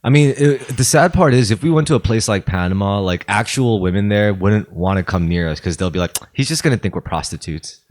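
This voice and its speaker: A man with a deep, low voice co-hosts a podcast in loose, casual chat. He rambles and trails off mid-thought, breaking into laughter often. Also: a little fast, hardly any pauses, a little mellow. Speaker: podcast co-host.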